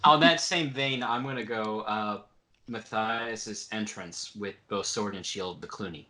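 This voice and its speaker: A man's voice: lowish voice, a little slow, bright, forceful tone. A man co-hosting a fan podcast, explaining his views earnestly. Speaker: podcast co-host. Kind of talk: casual fan discussion.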